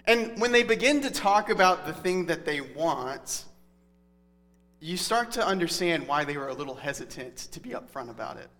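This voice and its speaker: A man's voice: on the high side, moderate pace, sharp tone. A man in his thirties preaching a sermon in a conversational, earnest teaching manner. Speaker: pastor. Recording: long hall reverb.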